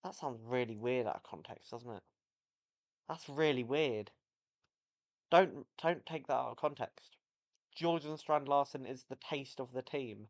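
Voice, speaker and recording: A man's voice: mid-range voice, lo-fi sound. A man giving a casual, rambling football match review, often correcting himself as he goes. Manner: rambling, self-correcting, enthusiastic. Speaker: football vlogger.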